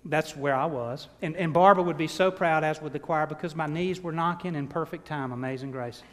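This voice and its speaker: An animated male pastor delivers a sermon full of personal stories, poking fun at himself as he goes. His voice is a little high and brisk, and the large church sanctuary adds a long, hall-like reverb.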